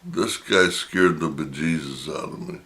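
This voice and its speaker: A middle-aged man, slowly telling a personal anecdote in a casual, drawn-out way. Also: extremely low pitch, wildly swooping pitch, fairly bright tone. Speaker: storyteller.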